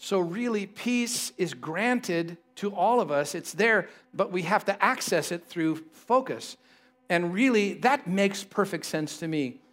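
A man's voice: high-pitched, expressive, unhurried, a bit bright. A man preaching a sermon to a congregation, conversational and playful, often joking with the people in the room. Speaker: pastor.

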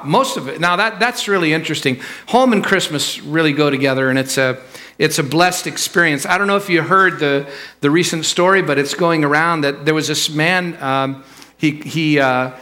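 Bright-voiced man preaching a sermon. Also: a little high. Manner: conversational storytelling with fillers and restarts. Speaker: pastor. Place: church sanctuary.

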